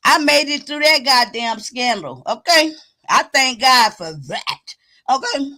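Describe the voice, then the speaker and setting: This woman hosts her own live stream at a measured pace, her high voice full of lively intonation. She addresses viewers directly in a loud, preachy, exclamatory way, whooping and swearing as she talks.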